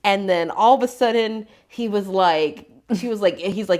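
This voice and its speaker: A woman co-hosting a casual podcast, chatting with a friend about a trip. She tells stories in a lively, easygoing way and laughs often. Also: medium pitch, a little fast. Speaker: podcast co-host. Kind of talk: casual chat.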